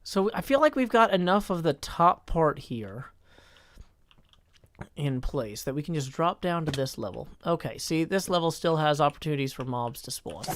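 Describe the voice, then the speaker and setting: Higher-voiced guy chatting on a live game stream, jokey and self-mocking. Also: very animated, moderate pace, a little hiss or hum. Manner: chatty, self-mocking, reads chat aloud.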